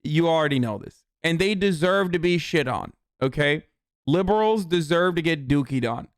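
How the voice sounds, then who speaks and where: A man's voice: fairly high pitch, lively intonation, normal speed, clean tone, no echo, studio quality. A man streaming political commentary, ranting with constant profanity and mocking sarcasm.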